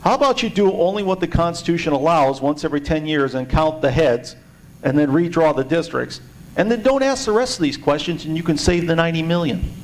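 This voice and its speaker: A man's voice: fairly high pitch, expressive, fairly quick, poor audio. A man giving a sarcastic, indignant presentation to a party meeting. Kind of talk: informal speech to a meeting.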